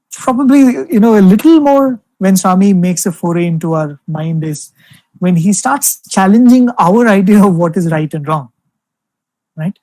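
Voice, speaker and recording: A young man gives a devotional talk over a video call, telling stories gently with lots of "you know" fillers. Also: sits high, no echo, poor audio. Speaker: spiritual speaker addressing alumni.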